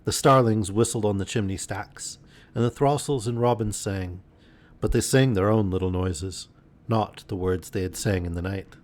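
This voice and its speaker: A man reading a storybook aloud in a gentle, unhurried bedtime manner on a live stream. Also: on the low side.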